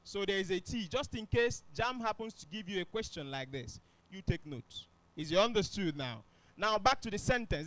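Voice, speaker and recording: A man's voice: high-pitched, expressive, normal speed, fairly bright tone, no echo. A man teaching grammar to a classroom, often asking the students if they follow. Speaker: English teacher. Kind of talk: classroom lesson.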